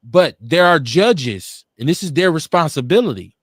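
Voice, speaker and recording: A man's voice: on the high side, animated, moderate pace, no room sound, studio quality. A man hosting a live online talk show, speaking with fervent, profane, preacherly conviction and driving his points home through repetition. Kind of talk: impassioned political talk-show commentary.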